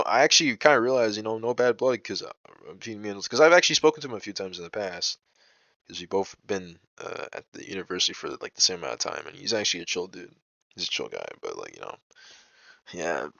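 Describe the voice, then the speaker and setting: A man's voice: sits low, gravelly, pushed and bright, no echo, dull audio. A young man telling a personal story in a casual vlog, rambling and profane, full of "bro" and "like". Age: young adult. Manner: agitated, indignant retelling.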